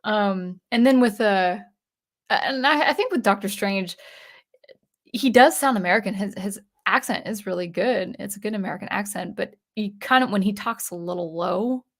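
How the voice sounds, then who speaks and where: Reading her chat's comments out loud, a young adult livestream host speaks at normal speed with a medium-pitched voice. Her casual delivery is chatty and hesitant, packed with fillers and false starts.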